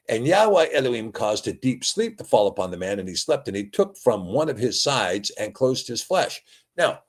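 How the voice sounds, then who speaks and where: A man's voice: lowish voice, husky. A man giving verse-by-verse scripture commentary, reading passages aloud and then explaining them, often restarting and correcting himself. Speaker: Bible teacher.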